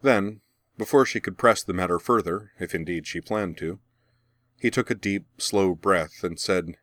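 Deep-voiced male audiobook narrator. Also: unhurried, a bit bright, no room sound, clean studio sound.

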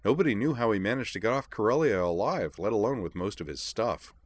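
Man voicing a curious sharp young woman, high pitched, quick questions. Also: animated, dry recording.

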